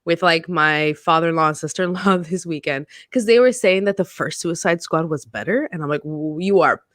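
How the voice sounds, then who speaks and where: A woman's voice: lowish voice, a little fast, dry recording. Opinionated woman on a dry mic. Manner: animated, opinionated, quotes people. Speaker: podcast co-host. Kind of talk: casual chat.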